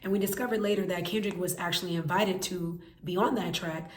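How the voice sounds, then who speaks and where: A woman's voice: on the low side, fairly even intonation, fairly quick, reverberant, a little hiss or hum. A woman hosting a scripted commentary, giving her opinionated, analytical take. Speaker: commentary host.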